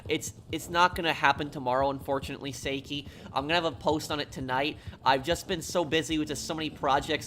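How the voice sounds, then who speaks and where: A man from New York, USA, chats casually on a live stream, answering viewer questions while he plays, talking over the gameplay in a rambling, somewhat apologetic way. His voice is medium-pitched and a bit bright, with a little hiss or hum in the audio.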